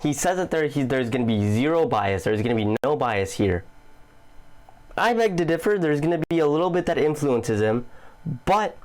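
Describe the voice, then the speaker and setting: A man's voice: a little high, animated, moderate pace, a little mellow. A man hosting a casual video commentary. He talks in a goofy, loose, profane way and chuckles often. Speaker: commentary channel host.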